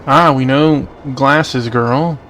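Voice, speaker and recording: A young man casually commenting on a game playthrough in relaxed, muttered asides. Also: mid-range voice, extremely slow, slight background noise. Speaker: game streamer.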